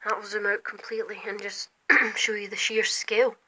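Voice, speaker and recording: A young woman rambling at night from her bedroom window, often slipping into quiet whispers while filming on her phone. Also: mid-range voice, level tone, a little fast, noisy background. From Scotland. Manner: drifts between quiet whispers and louder asides. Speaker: vlogger. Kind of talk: rambling night-time chat.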